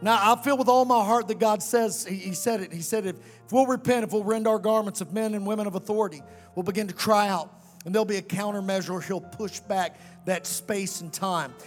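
A male pastor preaching a fiery sermon to a congregation, sometimes shouting and chanting his lines. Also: high voice, fairly quick, big-room sound, faint music behind. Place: church sanctuary.

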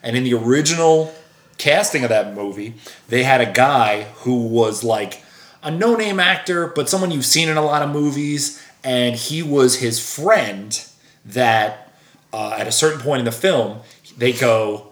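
A man's voice: medium pitch, unhurried, a bit bright. Guy rambling thru a story, swears a ton, does the quotes, echoey room. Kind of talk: casual chat. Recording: roomy echo.

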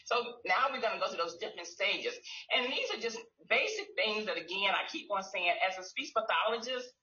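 A woman's voice: mid-range voice, very animated, brisk, sharp tone. A woman speech pathologist giving a presentation to parents, explaining play techniques and acting out sing-song phrases for a child. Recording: echoey, slightly dull room audio.

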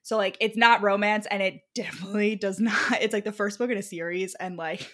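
A woman's voice: mid-range voice, fairly even intonation, brisk, a bit bright. A young woman co-hosting a casual book chat, rambling and packing her talk with fillers. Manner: rambling, filler-heavy, "like" in most lines. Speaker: book podcast co-host.

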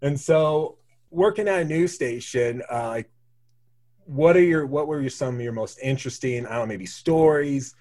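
A man's voice: on the high side, normal speed. Chatty man with a Wyoming drawl. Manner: storytelling, animated impressions of others. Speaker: podcast host, former news station worker. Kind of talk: casual chat.

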